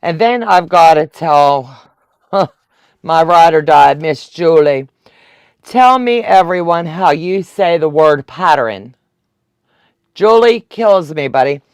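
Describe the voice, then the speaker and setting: A woman's voice: sits low, animated, slow pace, pauses often, a little mellow, smooth, no echo. A woman, chatting and laughing as she teaches a quilting live stream. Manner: chatty, laughs often, talks to viewers. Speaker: quilting instructor. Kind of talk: casual live-stream tutorial.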